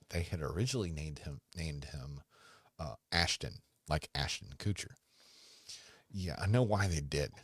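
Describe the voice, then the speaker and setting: Deep, husky man, home livestream host, rambling, dry close mic. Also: no room sound. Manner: rambling, halting, talks fondly to his dog. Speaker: podcast host. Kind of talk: casual rambling livestream chat. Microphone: desk microphone.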